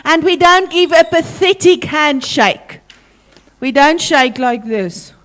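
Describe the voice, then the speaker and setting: A high-voiced woman with a South African accent addresses a school assembly, commanding and playful. She calls pupils forward and drills them with energy. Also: expressive, takes it slowly, a bit bright. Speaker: teacher leading a school assembly.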